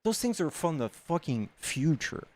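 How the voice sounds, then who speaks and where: A man's voice: on the high side, big pitch swings, normal speed. A man hosting a casual debate, arguing his points methodically with frequent fillers. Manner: reasoned, argumentative, many filler likes. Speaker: debate stream host.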